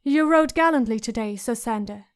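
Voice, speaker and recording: A woman's voice: a little high, normal speed, smooth, natural voice. A woman reading the part of a timid, polite young noble girl who trembles as she speaks in an audiobook.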